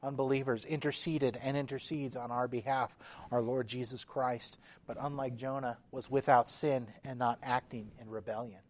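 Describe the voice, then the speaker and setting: A man preaching a sermon in a measured, emphatic way, his intensity rising and falling. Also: medium pitch, fairly even intonation.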